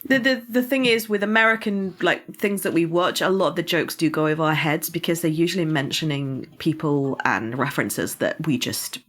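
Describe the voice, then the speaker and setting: British woman, low register, relaxed chatty co-host, restarts words. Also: normal speed, few pauses. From Britain. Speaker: podcast co-host. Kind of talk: casual chat.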